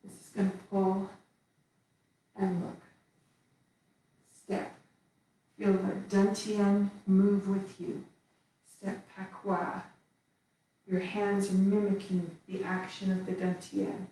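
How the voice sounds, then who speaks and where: Slow-paced woman cueing a movement class. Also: mid-range voice. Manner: calm step-by-step cueing while moving. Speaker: qigong instructor. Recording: echoey room from far off.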